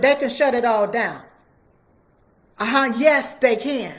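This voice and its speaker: Woman, slightly high voice, fiery repetitive livestream commentator. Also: sing-song, unhurried, pauses often. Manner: fiery, repetitive, preachy, talks straight to viewers. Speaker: political commentator answering viewers.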